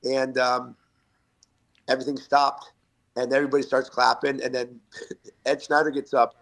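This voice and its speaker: Guest: gravelly middle-aged man, lively storyteller, mid pitch, acts out quotes. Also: normal speed, long pauses. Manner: animated anecdotes with acted-out quotes. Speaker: guest, retired hockey player. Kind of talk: storytelling interview.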